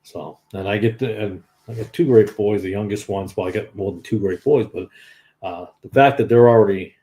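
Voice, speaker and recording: A man's voice: on the low side, moderate pace, dark tone. A man in his fifties with a Northern US accent, giving an informal, earnest sermon as a lay preacher. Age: 50s. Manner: earnest and conversational.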